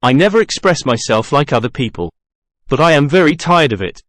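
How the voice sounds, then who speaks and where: Menacing masked genius with a lively, swooping delivery as a male reader does him, for a storybook reading. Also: a little high, a little fast, dry recording, clean studio sound. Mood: brooding. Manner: theatrical, wheedling then boastful.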